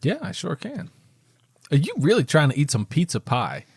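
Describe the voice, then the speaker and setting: Podcast co-host, male, playful and hesitant, lively pitch, dry close sound. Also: moderate pace, gravelly, slightly rough, no echo. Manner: animated, hesitant with many fillers, playful. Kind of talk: casual movie chat.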